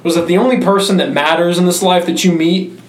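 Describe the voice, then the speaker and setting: A man's voice: sits high, steady tone, brisk. A man hosting a casual comedy podcast, joking and talking straight to the viewer in a mock-preachy way. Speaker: podcast host. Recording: echoey room with faint hum.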